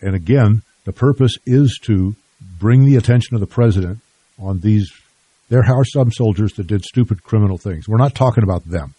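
An older man hosting a radio talk show and interviewing a guest in a measured, plain-spoken way. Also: on the low side, warm tone, breathy edge, no room sound.

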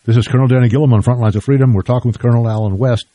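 An older man hosting a radio talk show and interviewing a guest in a measured, plain-spoken way. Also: mid-range voice, fairly even intonation, warm tone, no room sound.

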